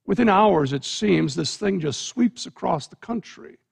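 A man with a high, gravelly and husky voice tells a sermon story to his listeners, pulling them in with "you". He builds suspense steadily, line by line. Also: expressive, a little slow. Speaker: preacher. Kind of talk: sermon illustration, second-person storytelling.

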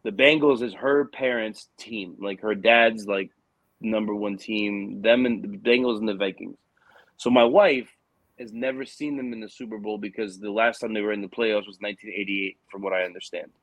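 A man in his thirties in casual podcast chat, telling animated stories full of fillers. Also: lowish voice, normal speed, dry recording. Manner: animated storyteller, many fillers like "like" and "you know".

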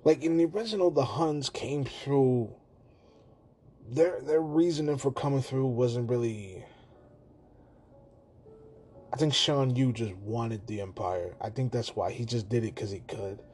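A man casually and profanely retelling a movie scene on his podcast, slipping into quick put-on voices for the characters. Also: medium pitch, a little mellow, slightly rough. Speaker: podcast host.

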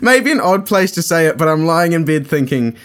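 Somewhat high, lively man, dry and laid-back. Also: fairly quick. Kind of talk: casual group banter.

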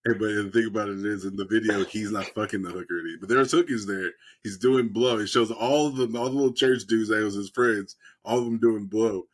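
A man's voice: lowish voice, fairly quick, hardly any pauses, a little hiss or hum. A man in casual podcast chat, retelling a TV show in a rambling, profane way and laughing often. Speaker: podcast co-host.

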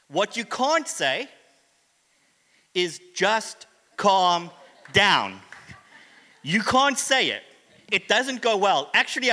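A man's voice: sits high, bright, forceful tone. A man in his forties, a pastor, giving a humorous, conversational sermon to his congregation. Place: church hall. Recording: reverberant hall.

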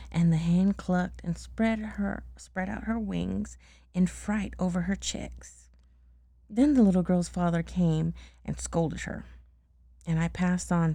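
A mother reading a bedtime story aloud to her child, gently and unhurried, with chatty asides. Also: on the low side, vocal fry, dry recording, clean studio sound.

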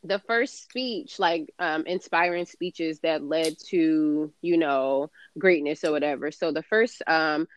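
A woman's voice: low voice, slow pace, few pauses, no echo. A woman co-hosting a podcast in casual chat, talking emphatically and profanely, rambling with many fillers. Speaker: podcast co-host.

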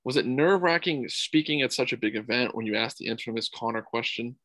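A young man co-hosting a casual fight podcast, profane and excitable, saying "dude" a lot. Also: medium pitch, fast, no echo, low-quality recording. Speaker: podcast host. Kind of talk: casual MMA podcast chat.

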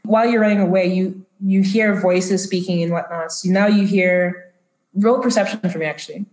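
A woman narrating a tabletop game as game master, in a chatty, filler-heavy way at a middle pitch. Her voice bounces around an echoey room. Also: steady tone, moderate pace, a little mellow.

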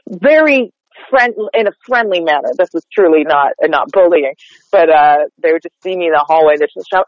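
A woman's voice: lowish voice, fairly quick, no echo. A woman from North Texas, a dialect coach, chatting in a casual interview with lots of "like" fillers. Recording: dull lo-fi sound, dry.

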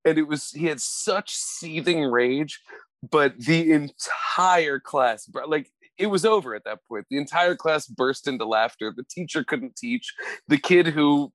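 A man's voice: fairly high pitch, a little slow, no echo. A young adult man co-hosting a podcast, telling funny stories in casual chat and laughing often. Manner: animated storyteller who laughs a lot and acts out quoted voices. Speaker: podcast co-host.

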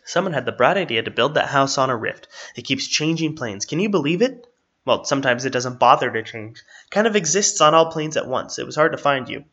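A man's voice: medium pitch, animated, a little fast, a bit bright. A man voicing a sarcastic, breezy male dimension-hopping guide. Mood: wry. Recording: slightly dull, lo-fi.

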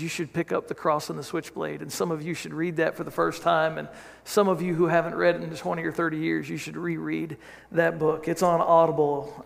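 A man's voice: fairly high pitch, vocal fry, long reverb tail. A male pastor preaching a sermon in a conversational storytelling way, often restarting his sentences.

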